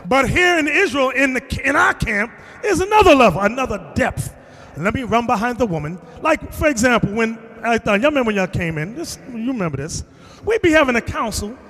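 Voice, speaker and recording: High, lively male preacher in a hall. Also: fairly quick. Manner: emphatic, confrontational, often raising his voice. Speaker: bishop teaching a class. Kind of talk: preaching lesson. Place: classroom in a large reverberant hall. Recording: long hall reverb.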